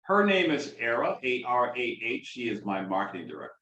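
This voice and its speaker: A man's voice: medium pitch, sing-song, fairly quick, bright, forceful tone, lo-fi sound. A man hosting a podcast and giving short, direct replies in casual interview chat. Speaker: podcast host. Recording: roomy echo.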